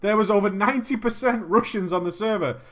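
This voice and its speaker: A man telling a comic gaming story in an animated way, laughing and swearing often. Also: high-pitched, brisk.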